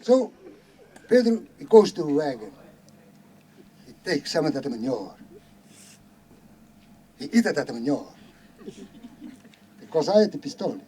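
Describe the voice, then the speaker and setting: Man playing a boastful Mexican-style farmer yarn-spinner, high and lively, noisy live stage. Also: measured pace, pauses often. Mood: storytelling. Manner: mock Spanish-flavored broken English, tag "eh?" and "amigo". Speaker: reunion skit performer. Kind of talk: comic storytelling skit. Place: live reunion stage before audience. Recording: noisy live hall recording.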